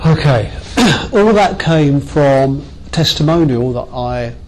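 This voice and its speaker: A man's voice: a little high, animated, takes it slowly, darkish tone, rough recording. Chatty male workshop trainer. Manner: chatty and self-mocking, joking with the group. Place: training room with a group.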